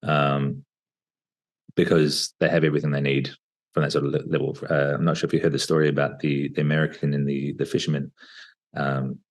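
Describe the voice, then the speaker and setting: Deep husky man. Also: level tone, brisk. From Australia. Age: 30s. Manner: reflective, hesitant with many fillers. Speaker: podcast guest. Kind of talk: casual interview talk. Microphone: video call.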